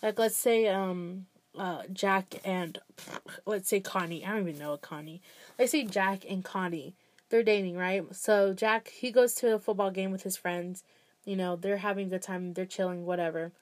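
A woman's voice: mid-range voice, moderate pace. A young woman giving casual, rambling relationship advice, full of fillers and "blah, blah, blah.".

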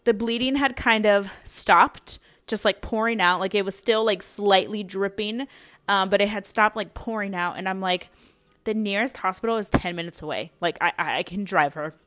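A woman's voice: medium pitch, normal speed, fairly bright tone. Young mother rambling through a story. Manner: rambling, many fillers and restarts, anxious retelling. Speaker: podcast host. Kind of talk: casual storytelling monologue.

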